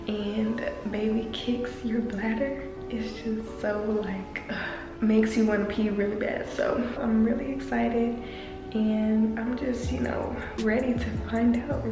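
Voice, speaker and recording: A woman's voice: fairly high pitch, reverberant. A young woman vlogging casually, chatting straight to her viewers with lots of filler words. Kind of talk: casual vlog chat to viewers.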